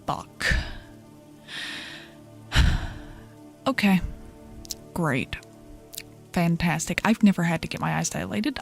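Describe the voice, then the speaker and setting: A young adult woman streamer telling a story in casual chat, animated and profane, often laughing. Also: on the low side, slow, gravelly, pauses often, soft background music.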